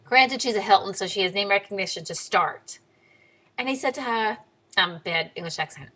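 Speaking directly to the camera in a casual video diary, a young adult woman vlogger is blunt and animated. She talks at a moderate pace and her pitch leaps high whenever she quotes someone.

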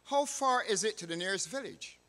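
A man's voice: sits high, animated, fairly quick, a bit bright, pitched above the performer's own voice. A man reading the part of a hungry, lost hunter who coaxes a boy, in a reverberant hall. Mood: coaxing. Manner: coaxing, then indignant. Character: hungry, scheming nobleman posing as hunter.

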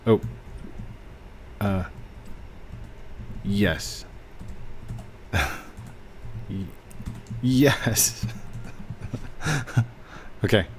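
A man's voice: fairly low pitch, expressive, very slow, pauses often, a little hiss or hum. A man hosting a gaming video, chatting casually and playfully with a teammate over voice chat, laughing often.

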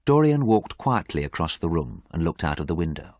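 A man narrating a graded story in a steady, clear storytelling manner. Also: low voice, brisk, dry recording.

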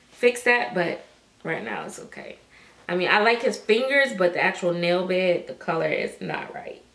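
A woman chatting casually to camera about her reborn dolls, rambling and soft-spoken. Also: on the low side, gravelly. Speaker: reborn doll collector. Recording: echoey room.

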